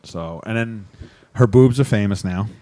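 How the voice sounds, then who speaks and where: A man's voice: lowish voice, normal speed, dark tone, dry recording. A young man co-hosting a podcast, telling a rowdy weekend story in casual, profane chat and laughing often. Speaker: podcast co-host.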